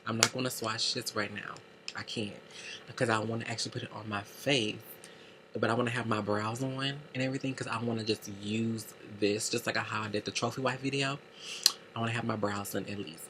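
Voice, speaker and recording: A man unboxing makeup for a casual beauty vlog, talking in a gushing, excitable way with heavy cursing. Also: on the low side, brisk, slight background noise, poor audio. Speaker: beauty vlogger. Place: indoor room lit by a makeup light.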